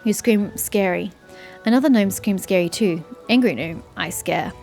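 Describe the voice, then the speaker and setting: A woman voicing a timid little male kobold who speaks in halting, broken phrases. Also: medium pitch, creaky, a little mellow, faint music behind, natural voice.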